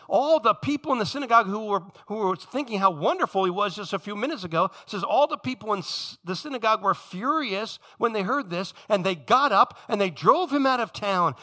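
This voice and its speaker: A male pastor preaching a sermon in church, emphatic and building to loud exclamations. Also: high-pitched.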